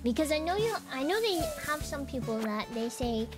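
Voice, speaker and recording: A woman's voice: high-pitched, very animated, normal speed, music in the background. A woman chatting casually while streaming a game. She tells stories in a chatty way and giggles often. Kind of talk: casual chat while gaming.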